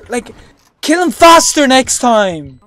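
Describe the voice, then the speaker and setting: Heavily acted and sing-song, a woman speaks slowly with a fairly bright tone while faint music plays behind her. She's voicing a cranky young boy in an online shooter's voice chat, whining, bossing teammates, and erupting shrilly whenever he's upset.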